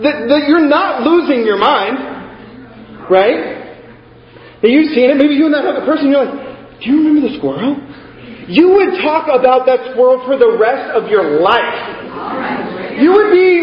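A man preaching a sermon as pastor, telling stories in an animated way and breaking into excited exclamations. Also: very high-pitched, roomy sound, in a large hall, dull audio.

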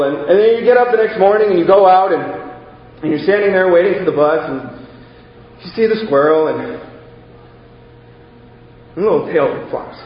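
High-voiced animated preacher in an echoey hall. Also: male voice, muffled recording. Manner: animated storytelling, rising to excited exclaims. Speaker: pastor. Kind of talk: sermon.

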